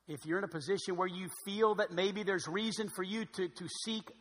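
A man preaching a sermon as pastor, swinging between loud emphatic stretches and quiet asides. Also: high voice, a little fast. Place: church sanctuary. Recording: long hall reverb.

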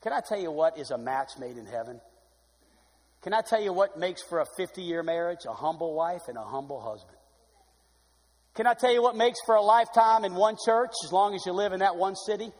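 A male pastor preaches to his congregation with a high, ringing voice. He swings from loud, emphatic calls to soft, hushed passages. The long reverb of a church sanctuary trails after his words. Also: expressive, brisk. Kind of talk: sermon.

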